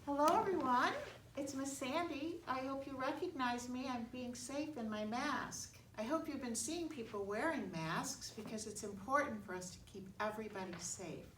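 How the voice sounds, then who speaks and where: A woman telling a Bible story to young children in gentle, simple words. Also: sits high, moderate pace. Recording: echoey room, mic far off, faint noise.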